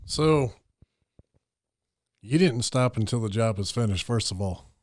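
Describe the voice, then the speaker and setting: A man's voice: fairly low pitch, animated, a little slow, darkish tone, no room sound. A man hosting a podcast interview, enthusiastic and eager to sum up and connect his guest's ideas. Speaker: podcast host. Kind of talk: casual interview talk.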